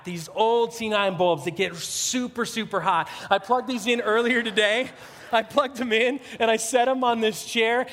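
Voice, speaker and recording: Pastor, male, high voice, loose joking delivery with restarts, long hall reverb. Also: a bit bright. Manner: informal, joking, many restarts. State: a little out of breath. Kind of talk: church prayer and sermon.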